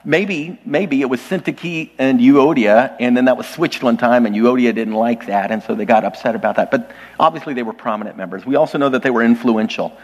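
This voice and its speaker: A man's voice: mid-range voice, fairly quick, few pauses, big-room sound. A man preaching a sermon to his congregation, conversational and lightly humorous, often speaking straight to the listeners. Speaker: pastor. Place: church sanctuary.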